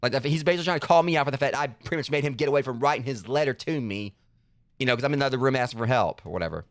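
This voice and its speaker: Fast-talking sarcastic male game streamer. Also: animated, no echo, clean studio sound. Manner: sarcastic, jumps high in pitch when exasperated. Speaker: gaming streamer. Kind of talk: live gameplay commentary.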